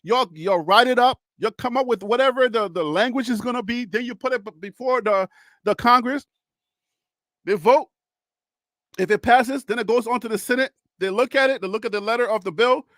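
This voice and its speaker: A man's voice: extremely high pitch, moderate pace, a bit bright, no echo, studio quality. A man hosting casual political talk, chatty, often laughing and repeating phrases as he thinks aloud. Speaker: political commentary host.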